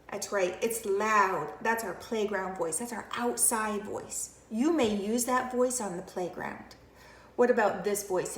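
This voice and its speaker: A woman's voice: a little high, a little hiss or hum. A woman teacher demonstrating a classroom routine, speaking as if to young children and switching between a full voice and a whisper. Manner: speaks to camera as if to young children, with emphatic questions and praise. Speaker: kindergarten teacher. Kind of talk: instructional demonstration. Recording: roomy echo with faint ambience.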